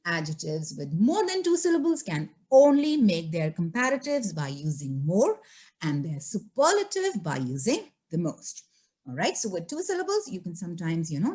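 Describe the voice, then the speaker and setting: Middle-aged female ESL teacher, low and animated, patient check-ins. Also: normal speed. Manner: patient, repeats "okay?" and "all right?" to check students. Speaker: English teacher. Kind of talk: online grammar lesson.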